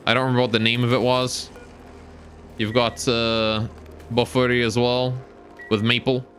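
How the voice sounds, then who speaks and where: A British man whose accent now leans strongly Canadian, streaming a game and chatting loosely as he answers viewers. His voice is bright and forward, and he rambles between tasks. A faint hum of noise sits under his talk. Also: medium pitch, flat delivery, moderate pace. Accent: British, now mostly Canadian. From Britain. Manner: chatty and rambling, reads viewer questions aloud. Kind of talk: casual live-stream chat while playing.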